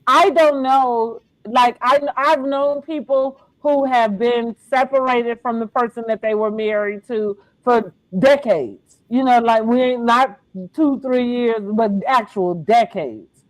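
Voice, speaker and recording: Brief: middle-aged woman host, high bright voice, slangy animated chat, dry close sound. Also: slow pace, dry recording, poor audio. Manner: animated, slangy, laughs often. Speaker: podcast host. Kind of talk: casual reality-TV recap chat.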